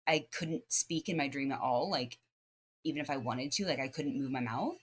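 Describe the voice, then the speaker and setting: Female podcast guest, deep voice, lively, chatty storyteller with lots of fillers. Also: moderate pace, husky. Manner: lively, rambling storytelling full of "like" and restarts. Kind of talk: casual podcast chat.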